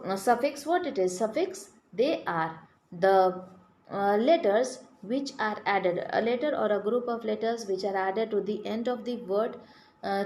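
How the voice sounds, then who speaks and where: A woman teaching a grammar lesson to children, spelling words out letter by letter and asking the class questions. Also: on the high side. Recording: echoey room with faint background noise.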